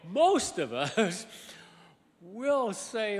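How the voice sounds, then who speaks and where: Pastor, male, higher-pitched, emphatic sermon delivery in a reverberant sanctuary. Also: extremely slow. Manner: emphatic, swings from loud exclamations to low asides; animated, repeats words and restarts. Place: large church sanctuary.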